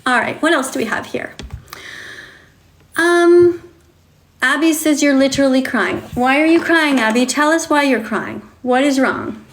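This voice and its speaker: Coddling high-pitched woman livestreamer. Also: unhurried. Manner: coddling, sing-song, talks to viewers like children. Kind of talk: livestream chat with viewers.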